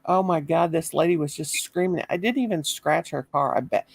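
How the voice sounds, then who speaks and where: Gravelly, animated middle-aged woman. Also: sits low, brisk, dry recording, rough recording. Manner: animated storyteller, laughing, exclamations. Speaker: chat participant. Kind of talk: casual chat, storytelling.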